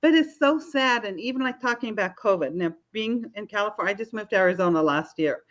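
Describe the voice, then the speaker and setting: A woman's voice: mid-range voice, lively intonation, fast, lo-fi sound. A woman in her fifties, an author guest on a podcast, talking casually and telling stories with frequent laughs. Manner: chatty storyteller, laughs often.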